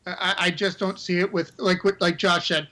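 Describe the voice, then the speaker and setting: A man's voice: high voice, level tone, a little fast, sharp tone, rough recording. A man co-hosting a casual podcast, hesitant, often stammering and restarting. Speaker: podcast co-host. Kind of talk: casual chat about wrestling.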